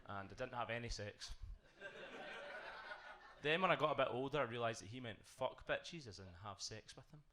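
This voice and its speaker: On a comedy club stage before an audience, a British stand-up comedian delivers a self-deprecating set of punchy one-liners. His medium-pitched voice moves at normal speed with frequent pauses, and crowd noise is audible.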